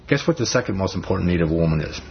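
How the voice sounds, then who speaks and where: A man's voice: sits low, animated, very fast. A man giving a folksy, conversational sermon to a live audience, often repeating himself for emphasis. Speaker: speaker on marriage. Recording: dull muffled recording, faint hiss.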